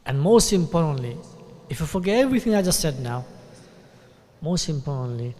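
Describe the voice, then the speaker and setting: A man with a British accent giving a sermon at a mosque, talking conversationally and often checking in with a quick "yeah?". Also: fairly high pitch, big pitch swings, warm tone. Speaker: sheikh giving a talk. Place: mosque hall. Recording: long hall reverb.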